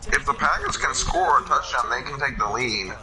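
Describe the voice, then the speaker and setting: A man gives relaxed play-by-play over a football video game. He is chatty and often laughs at his own slips. Game crowd noise roars clearly behind his voice. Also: medium pitch, moderate pace, poor audio. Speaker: co-commentator.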